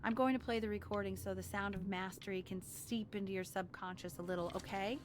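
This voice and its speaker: A woman's voice: mid-range voice, steady tone, fairly quick, noisy background, close to an everyday voice. A woman playing an anxious, pushy mother who soothes and presses her young son, a musician, in a story game. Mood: soothing.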